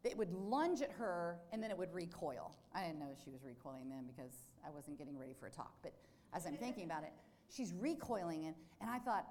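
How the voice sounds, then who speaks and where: Lively woman telling a story to a group. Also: fairly low pitch, brisk. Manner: animated storyteller who asks the audience questions. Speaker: nurse speaking to a group. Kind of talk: storytelling devotional talk.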